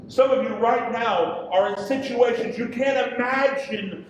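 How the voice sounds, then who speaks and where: A middle-aged male pastor preaching, impassioned, swinging from loud pleading questions to quiet storytelling. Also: very high-pitched, measured pace, muffled recording, a little hiss or hum. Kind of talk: sermon. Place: church hall. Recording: echoey hall from far off.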